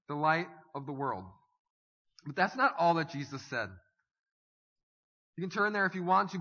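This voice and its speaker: A man preaching a sermon as pastor, swinging from hushed, slow lines to loud, stirring calls. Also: high voice. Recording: dull audio with long hall reverb.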